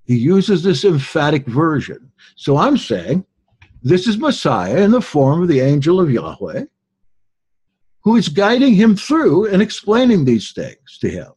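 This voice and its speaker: A man giving a deliberate Bible study lecture as a teacher, explaining and stressing key words. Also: fairly high pitch, huge pitch swings, darkish tone, slightly rough.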